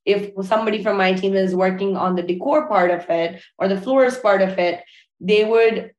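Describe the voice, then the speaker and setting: A woman's voice: mid-range voice, normal speed, dull audio. Woman wedding planner in an echoey room. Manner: relaxed, frequent fillers and restarts. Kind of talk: casual interview chat.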